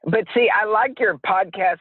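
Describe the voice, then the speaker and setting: A man's voice: sits high, moderate pace, slightly rough, dry recording. A man co-hosting a podcast in casual chat, playful and joking. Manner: playful, jokey, slips into mock voices. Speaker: podcast co-host. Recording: tinny phone-like line.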